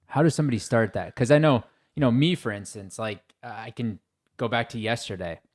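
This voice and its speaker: A man's voice: mid-range voice, brisk. Candid, folksy male podcast host. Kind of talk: casual interview conversation.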